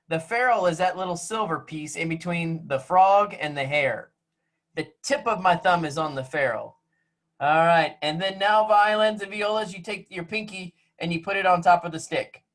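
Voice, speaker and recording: A man's voice: sits high, fairly bright tone. A male music teacher leading an online class over a video call, playful and teasing with his young students. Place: home room on a video call.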